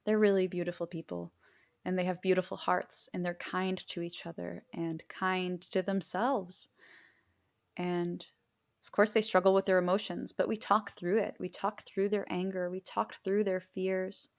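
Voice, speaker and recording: A woman hosting a livestream, patiently recounting a story in a gentle, soothing way. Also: fairly low pitch, level tone, normal speed, creaky. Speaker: livestream host. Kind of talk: casual livestream talk. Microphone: livestream microphone.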